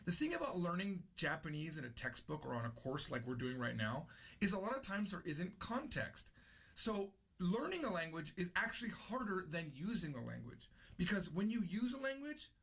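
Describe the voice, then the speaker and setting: A man's voice: high-pitched, sing-song, moderate pace, fairly bright tone, breathy edge. A man teaching an unscripted language lesson, explaining patiently and repeating his key points. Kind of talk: unscripted classroom-style lesson.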